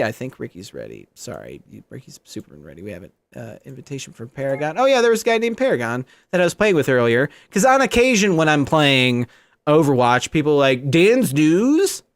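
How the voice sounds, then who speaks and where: A man's voice: medium pitch, fairly quick, creaky, no echo. A young man streaming live, chatting casually and joking, laughing often. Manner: lively, jokey, laughs often. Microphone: good microphone.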